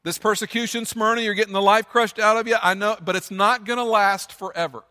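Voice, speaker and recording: Speaking a little fast and in a steady tone, a pastor preaches earnestly in a church sanctuary, hammering his points through repetition. The big room lends his high, bright voice a long reverb.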